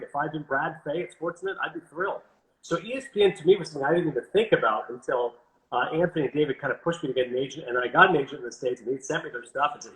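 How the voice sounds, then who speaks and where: A Canadian man telling stories in a casual interview, animated and quick, acting out what others said. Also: on the high side, echoey room, poor audio. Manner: animated, quick, quotes others in lively asides. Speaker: guest broadcaster.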